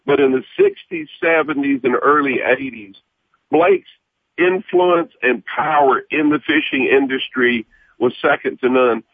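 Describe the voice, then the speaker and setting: A man speaks over a phone line as a radio guest, his voice husky and a little rough. The sound is tinny and dry, squeezed into a narrow band. He explains things in an earnest, step-by-step way. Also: mid-range voice, no room sound. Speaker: radio guest, hall of fame representative. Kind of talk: casual radio interview by phone.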